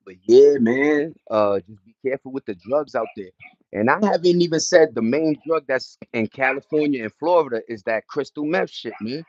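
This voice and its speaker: A man's voice: mid-range voice, unhurried, no room sound, lo-fi sound. A middle-aged man hosting a livestream, telling loose, slangy stories in casual chat and greeting viewers from the chat between them. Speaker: livestream host.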